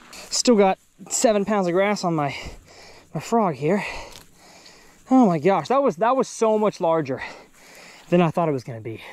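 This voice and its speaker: A young man, excitedly commenting on his fishing outdoors at a pond. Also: fairly high pitch. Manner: excitable, exclaiming often. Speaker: fishing video host.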